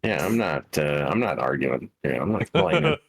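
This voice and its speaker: A man's voice: extremely low pitch, wildly swooping pitch, moderate pace, gravelly, a little hiss or hum. A man chatting during a co-op game with laid-back, dry remarks. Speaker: co-op player. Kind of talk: casual game chat.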